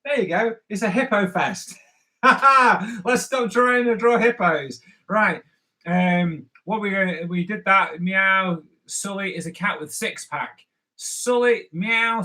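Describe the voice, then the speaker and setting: A man's voice: sits high, bright, forceful tone, low-quality recording. A man who makes comics hosts a live drawing stream, chatting playfully and cracking jokes as he sketches viewers' requests. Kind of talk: live draw-along chat.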